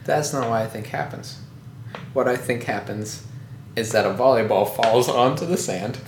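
A man's voice: mid-range voice, moderate pace. Jokey man chatting in an echoey room. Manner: jokey, laughs easily, argues his version. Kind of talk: casual chat, playful banter. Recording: echoey room, faint background noise.

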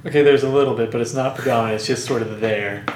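A man's voice: medium pitch, steady tone, fast talker. A man chatting casually and retelling a movie plot, rambling with lots of fillers. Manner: rambling, hesitant, many fillers. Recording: echoey room, faint background noise.

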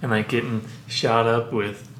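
A man's voice: mid-range voice, level tone, unhurried, a bit bright. A man co-hosting a podcast, chiming in with wry jokes and teasing corrections. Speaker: podcast co-host. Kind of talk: casual comedic chat. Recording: echoey room with faint noise.

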